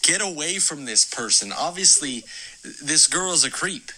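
A man's voice: on the high side, expressive, moderate pace, pushed and bright, poor audio. A man giving advice on a podcast call-in segment, emphatic and earnest with some stumbles.

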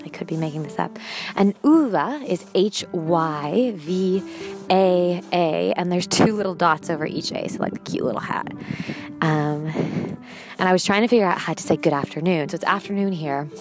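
A woman's voice: on the low side, normal speed, music in the background. A woman hosting her show, chatting casually and musing aloud as she walks outdoors beside a river, often correcting herself. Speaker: podcast host. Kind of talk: casual walking monologue.

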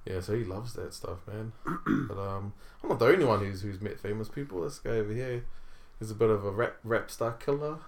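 A man's voice: fairly low pitch, a little fast. A man tells a story in a laid-back way. He fills his talk with ums, likes and little laughs, like he's chatting with friends. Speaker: tournament organiser. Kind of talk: casual chat.

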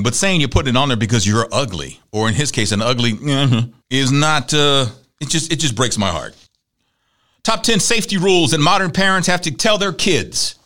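A middle-aged man hosting a talk show, telling stories in a chatty, animated way and acting out the people he quotes. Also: mid-range voice. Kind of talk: conversational monologue.

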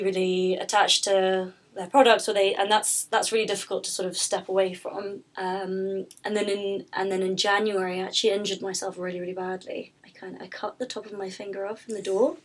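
A woman's voice: mid-range voice, little pitch movement, fairly quick. A woman who founded a pastry business, chatting in an interview, rambling with lots of fillers and restarts. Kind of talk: casual interview chat.

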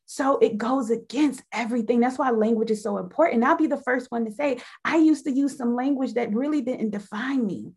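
A woman with a slightly high voice talks about faith in an emphatic, preacherly way. She builds her points through repetition, like a sermon inside a conversation. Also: brisk, hardly any pauses, a little mellow, slightly rough.

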